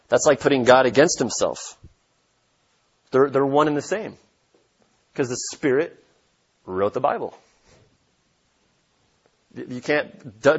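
A man's voice: mid-range voice, animated, a little slow, pauses often, slightly rough, muffled recording. A man preaching a sermon as pastor, emphatic and repeating his key points for stress.

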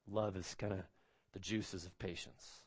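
A man's voice: sits low, level tone, unhurried, husky. A man preaching an expository sermon, emphatic, repeating phrases and asking rhetorical questions.

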